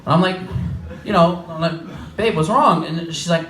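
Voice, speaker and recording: Man, 20s, New York accent, stand-up comedian, high voice, animated storytelling, distant echoey club sound. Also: brisk. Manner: animated, acts out quoted lines.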